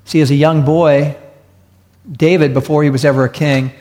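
With a fairly high, warm voice, a pastor preaches at normal speed with a flat delivery. He earnestly tells stories to his congregation and repeats key phrases for emphasis. The setting is a church hall with an audience, and the recording has long hall reverb.

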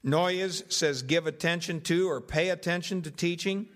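A young man preaching, teaching through a Bible passage in a measured, deliberate way and going through its translations one by one. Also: on the high side, fairly bright tone, long reverb tail. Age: young adult. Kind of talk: expository Bible sermon.

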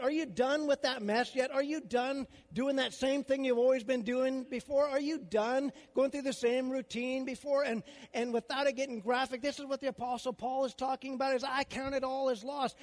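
High-pitched older pastor in a hall. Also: male voice, fairly even intonation, moderate pace, few pauses. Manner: conversational preaching, rhetorical questions. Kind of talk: sermon.

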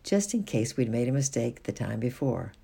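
A storybook reader with a gravelly, husky voice that reads in a gentle, steady manner. The tone is dark and mellow. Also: medium pitch, moderate pace. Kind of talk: storybook reading.

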